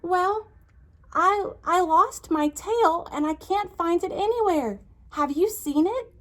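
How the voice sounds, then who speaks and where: A woman's voice: very high voice, lively intonation, slow pace, a bit bright, voice pushed up, full character voice. A woman voicing an earnest young male pig in a storybook, breathless, gasping and wide-eyed. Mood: eager. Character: young male pig who lost his tail, earnest and excitable.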